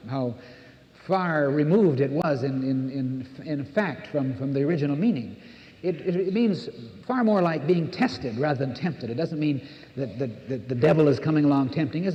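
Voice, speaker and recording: An older American man giving an earnest sermon as a minister, repeating words for emphasis. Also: fairly high pitch. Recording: dull old cassette recording in a reverberant hall.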